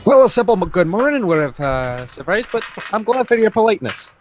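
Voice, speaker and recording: A man voicing a talkative male dwarf adventurer, loud and folksy with dropped grammar. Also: big pitch swings, brisk, slight background noise. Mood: wry. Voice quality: rough folksy speech, drops grammar. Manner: loud and raised in pitch.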